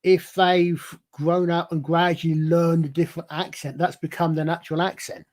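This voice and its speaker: A man's voice: a little high, little pitch movement, normal speed, darkish tone. A man hosting a casual live-stream discussion, rambling with many restarts and fillers. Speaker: stream host.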